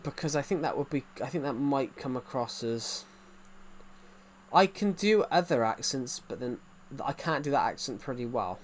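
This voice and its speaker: A man's voice: medium pitch, expressive, normal speed, slight background noise. A man casually chatting while streaming a game, rambling and reacting to viewers' comments. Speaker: gaming streamer.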